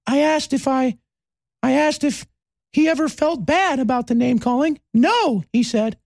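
A squeaky, helium-high male TV journalist reads his own story with prim self-importance. The voice sits far above a normal man's range and stays bright and pinched. Every line comes out mock-solemn, as if from a storybook. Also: measured pace, creaky, no room sound, clean studio sound, exaggerated voice. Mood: self-important.

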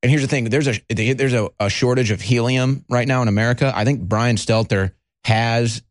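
A man's voice: mid-range voice, fairly even intonation, normal speed, dry recording. Rambling male talk host, dry sound. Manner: rambling and conversational, talks to the audience directly. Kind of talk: casual political commentary.

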